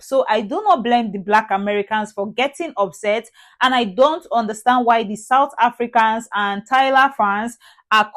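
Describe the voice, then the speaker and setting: A woman hosting a reaction channel, giving measured, earnest explanatory commentary. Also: on the high side.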